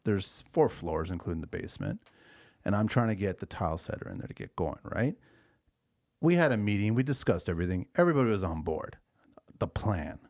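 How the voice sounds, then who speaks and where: A lower-pitched man with a gravelly edge tells a job-site story in casual podcast chat. His delivery is animated and swings widely in pitch, and he laughs easily as he talks. The sound is dry and close. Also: fairly quick. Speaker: podcast co-host.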